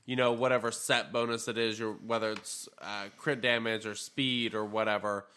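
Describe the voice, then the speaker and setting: This tired, yawning gaming podcast co-host rambles casually with lots of filler words. His lowish voice is clear and resonant, moving at a moderate pace.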